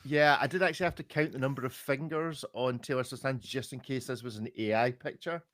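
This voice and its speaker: A man's voice: mid-range voice, a little fast, a bit bright, no echo. A man hosting a casual podcast, chatty and joking, laughing often. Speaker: podcast host.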